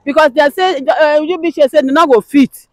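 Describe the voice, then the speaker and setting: A mother with a Nigerian accent gives a personal appeal, wearily recounting her struggle at length and pleading for help. Her voice sits high and moves at a normal speed, recorded dry with faint music behind.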